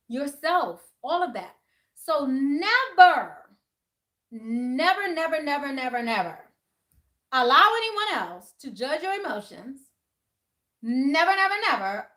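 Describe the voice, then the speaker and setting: A woman hosting a spiritual livestream, talking casually and bluntly, animated and profane. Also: sits high.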